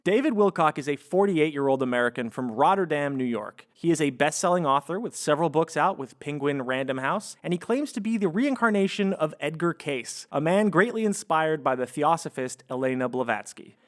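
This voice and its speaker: A man with a somewhat high voice hosts a podcast, working through a prepared script. He reads steadily but drops in dry, sarcastic remarks and breaks into loose conversation with his guests. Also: animated, fairly quick, few pauses. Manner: wry, sarcastic asides while presenting research. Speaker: podcast host. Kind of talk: reading a prepared script mixed with casual chat.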